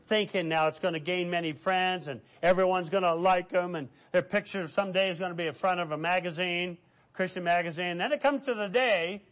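A man's voice: high voice, fairly bright tone. A middle-aged man preaching a sermon as pastor, telling stories and acting out the voices of people he quotes.

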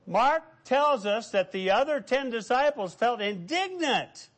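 A man's voice: very high-pitched, lively intonation, takes it slowly, fairly bright tone. A middle-aged man preaching a sermon as pastor, telling stories and acting out the voices of people he quotes.

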